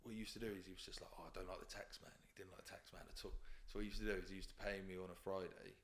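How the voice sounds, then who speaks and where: A young man tells rambling work stories in loose, sweary slang. His voice sits low but has a bright, forward edge. He talks casually, as a guest on a chat podcast. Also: flat delivery, racing.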